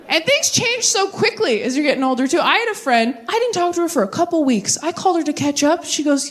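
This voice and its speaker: A woman's voice: high-pitched, fast talker, hardly any pauses, a faint crowd, a little hiss or hum. A woman in her twenties performing a stand-up comedy set on stage, acting out quoted voices. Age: 20s. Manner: animated, acts out quoted voices. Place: stage before a laughing audience.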